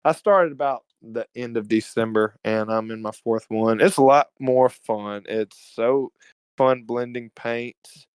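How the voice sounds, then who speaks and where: Smooth-voiced Southern man, laid-back and slangy. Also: medium pitch, a little slow, dry recording, poor audio. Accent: Southern US (Alabama). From Evergreen, Alabama, US. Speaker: guest. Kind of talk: casual conversational storytelling.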